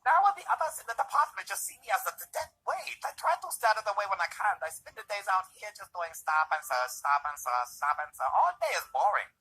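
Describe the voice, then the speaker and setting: A man's voice: high voice, sing-song, fast talker, hardly any pauses, bright, forceful tone, breathy edge, voice pushed up, exaggerated voice. A man voicing a gloomy, lonely male police officer from a video game, rambling in self-pity while reading the dialogue aloud on a stream. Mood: mopey.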